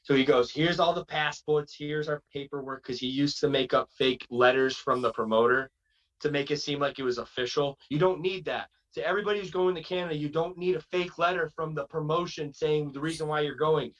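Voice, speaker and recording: A man's voice: a little high, fairly even intonation, fairly quick, highs cut off. A man from Massachusetts, a wrestler, telling a long road-trip story in a rambling, casual way. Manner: rambling, acts out quotes in other voices. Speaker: wrestler guest.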